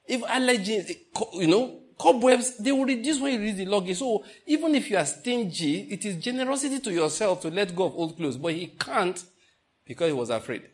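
Male Nigerian pastor, Enugu accent, slightly high voice, animated sermon storyteller. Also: a little fast. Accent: Nigerian English, Enugu. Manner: animated storytelling with laughter and mock outrage.

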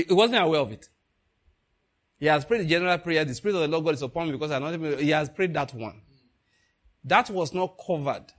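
Man, preacher, sermon, middle-aged, higher-pitched voice, animated delivery. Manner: animated, swings between hushed and loud, laughs often.

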